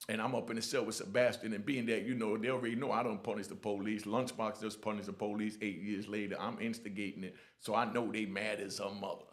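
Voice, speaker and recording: A middle-aged man telling his own prison stories in blunt, lively street talk, often asking "you know what I mean". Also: lowish voice. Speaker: storyteller sharing prison stories. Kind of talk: casual storytelling.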